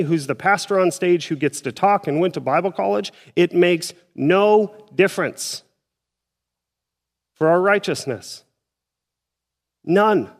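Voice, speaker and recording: A man's voice: on the high side, big-room sound. A male pastor preaching a sermon in a church, speaking in a conversational way and acting out his listeners' doubts. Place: church auditorium.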